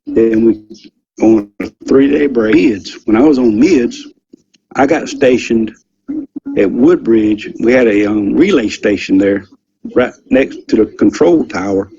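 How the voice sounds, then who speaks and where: An older man, a former military security policeman appearing as an interview guest, casually recollects a story in a rambling, folksy way, full of ums and some swearing. His mid-range voice is expressive, mellow and a little slow, with vocal fry. The audio is dull and lo-fi.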